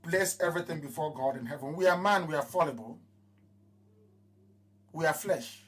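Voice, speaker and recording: A man with a Nigerian accent gives an impassioned live address to his followers. He repeats his phrases and swings between raised proclamations and low mutters. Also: moderate pace, a bit bright. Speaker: movement leader addressing followers.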